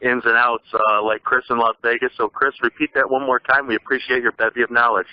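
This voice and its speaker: Brisk talk-show host, fast delivery. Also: male voice, mid-range voice, level tone, no room sound. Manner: brisk, directs callers. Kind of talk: live call-in talk show. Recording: muffled dry lo-fi audio.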